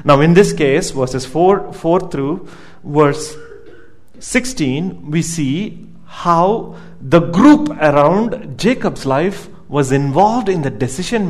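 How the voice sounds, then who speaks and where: A man preaching a sermon as pastor, emphatic, repeating words as he builds each point and asking the congregation questions. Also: a little high.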